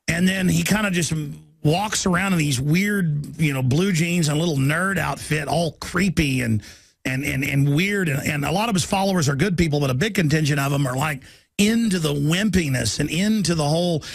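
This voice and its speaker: A male talk-radio host who talks in quick bursts, then stretches his words out slowly and stumbles over restarts. His voice sits a little high for a man. The sound is dry and close-miked. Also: vocal fry, slightly rough, dry recording. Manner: rapid bursts that slow into drawn-out phrases, halting restarts. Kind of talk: radio talk show discussion.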